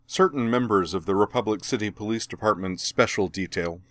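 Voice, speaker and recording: Male narrator, audiobook reading, low voice, dry close recording, steady delivery. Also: brisk, no echo. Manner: steady, even storytelling. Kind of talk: audiobook reading of fan fiction.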